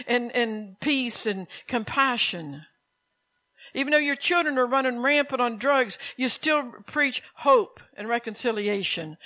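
A woman's voice: on the high side, sharp tone, low-quality recording. A woman pastor preaching a sermon to her church, emphatic and exhorting, repeating commands.

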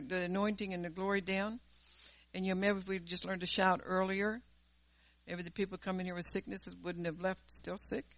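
Woman preacher, fervent, loud-to-quiet swings, repeats words, recorded dry and close. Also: on the low side, dry recording. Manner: repeats words and restarts phrases while preaching. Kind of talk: sermon.

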